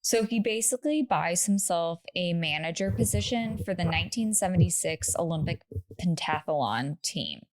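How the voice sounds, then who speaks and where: A woman's voice: lowish voice, lively intonation, normal speed. A woman co-hosting a podcast, telling a true story in casual chat with laughing asides and lots of "like".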